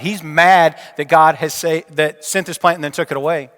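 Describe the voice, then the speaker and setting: A male pastor preaching a sermon and telling a story, his delivery dropping from emphatic to hushed. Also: on the high side, a little fast, few pauses. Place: church sanctuary. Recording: long church reverb.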